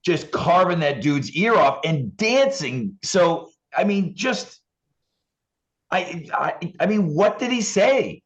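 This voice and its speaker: Male podcast co-host, raised pitch, halting questioner, dull lo-fi audio. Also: sing-song. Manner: probing questions, halting restarts. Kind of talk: casual chat.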